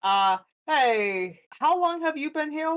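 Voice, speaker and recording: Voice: high-pitched, animated, slow, a bit bright, dull audio. A player in a tabletop game, eager and playful while acting for their character. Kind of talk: tabletop role-play.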